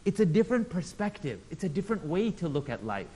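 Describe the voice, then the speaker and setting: A man with a somewhat high voice teaches an Islamic class fast and animatedly, acting out quotes in little voices for the people in his stories. He keeps engaging the audience with questions. A little hiss or hum is audible.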